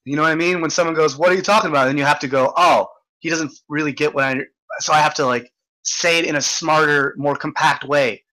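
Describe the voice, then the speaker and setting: Ranting, swearing man, bright voice. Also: a little high, fairly even intonation, fast talker, low-quality recording. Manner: profane, ranting, stammering restarts. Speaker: host. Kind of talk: casual chat.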